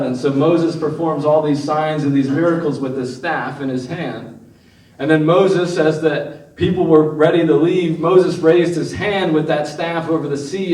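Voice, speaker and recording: A man preaching a sermon as pastor, animated and often laughing as he acts out the voices of people in his story. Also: a little high. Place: church hall. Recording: echoey room from far off.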